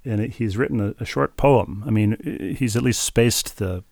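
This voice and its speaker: A man's voice: fairly low pitch, moderate pace, gravelly, darkish tone, no echo. A middle-aged man co-hosting a podcast, telling stories in a dry, wry, casual way. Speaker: podcast co-host. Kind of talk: casual chat.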